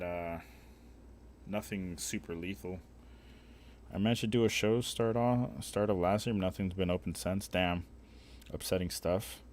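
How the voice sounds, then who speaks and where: Crude, joking man with a lowish voice. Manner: crude, joking banter with heavy swearing; rambling, with frequent fillers and restarts. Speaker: livestreamer. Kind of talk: casual livestream chat.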